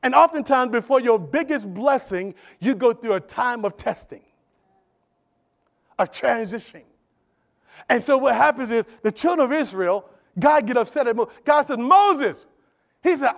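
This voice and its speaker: A male pastor preaching with a strikingly high voice, driving points home with repetition. He keeps calling out to the congregation for answers and amens, swinging between hushed asides and emphatic bursts. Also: animated, moderate pace, vocal fry. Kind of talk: sermon.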